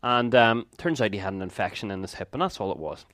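Man, 50s, preacher, sermon with personal story, earnest, somewhat low voice, dry close sound. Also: animated, no room sound. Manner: earnest storytelling, warm asides and quick laughs.

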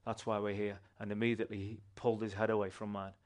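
Man, church testimony, animated storytelling, low-ish voice. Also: quick pace. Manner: animated, conversational storytelling with restarts. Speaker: church member giving testimony.

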